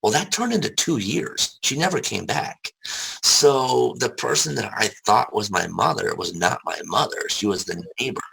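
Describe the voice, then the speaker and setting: A man's voice: mid-range voice, lively intonation, normal speed, gravelly, pushed and bright, husky, low-quality recording. A young adult man, an interview guest, frankly telling personal stories with casual swearing and many restarts. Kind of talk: candid personal storytelling.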